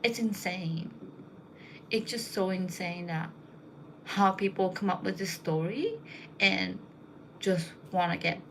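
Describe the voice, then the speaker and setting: A woman's voice: fairly low pitch, takes it slowly, pauses often, a bit bright, slight background noise, poor audio. A young woman casually telling rambling anecdotes, with lots of fillers. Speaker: storyteller.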